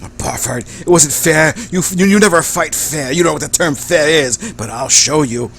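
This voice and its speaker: A man's voice: on the high side, normal speed, gravelly, fairly bright tone, faint music behind. A man voicing a vengeful one-eyed male gang boss in a tabletop game, snarling threats. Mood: menacing.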